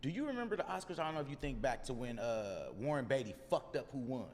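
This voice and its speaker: Dude rattling off a story fast, animated, swears a lot, echoey room. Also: male voice, mid-range voice. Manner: animated, profane, acts out quotes. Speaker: podcast guest, filmmaker. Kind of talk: casual storytelling. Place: podcast studio. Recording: roomy reverb, faint ambience.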